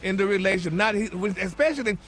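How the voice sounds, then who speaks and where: A man's voice: high-pitched, expressive, fast talker, fairly bright tone. A man delivering celebrity gossip on morning radio, sassy and calling everyone honey and y'all.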